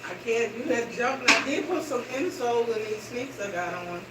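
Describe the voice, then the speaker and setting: A middle-aged woman vlogging in casual chat to her viewers while slowly walking and exercising indoors. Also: on the high side, lively intonation. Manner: chatty, slow walking while talking. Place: indoor room with hardwood floor. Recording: roomy, distant and noisy room sound.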